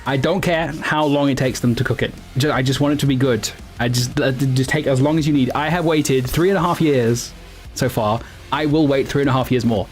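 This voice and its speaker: Male streamer, mid-pitched, chatty and rambling, faint music underneath. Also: a little fast. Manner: rambling and chatty, self-correcting, laughs often. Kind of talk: casual livestream chat, answering viewers.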